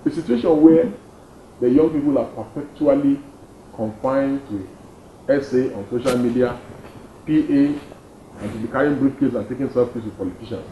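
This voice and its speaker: A man's voice: normal speed, long pauses. A young man with a Nigerian accent, an activist answering interview questions emphatically and repeating his points. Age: young adult. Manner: emphatic, repeats points, lively pitch swings. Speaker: activist guest. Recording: dull roomy studio sound, faint noise.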